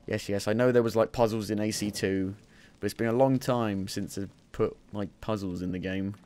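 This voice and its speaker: A man's voice: lowish voice, steady tone, moderate pace, darkish tone. A man giving casual, jokey commentary while streaming his playthrough, talking to himself as he plays. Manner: chatty, jokey, talks to himself while playing.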